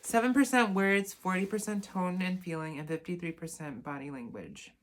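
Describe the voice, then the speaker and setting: Lady w a lowish voice reading a self-help book out loud, stops to chat n fix her own slips. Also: normal speed. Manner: reads aloud, then adds chatty asides and self-corrections. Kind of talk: casual reading lesson with asides.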